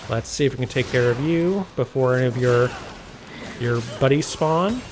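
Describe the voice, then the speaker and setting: A man's voice: mid-range voice, moderate pace, background noise. A man giving casual walkthrough commentary on a video game, rambling and correcting himself with wry asides, recorded at home on a desk microphone.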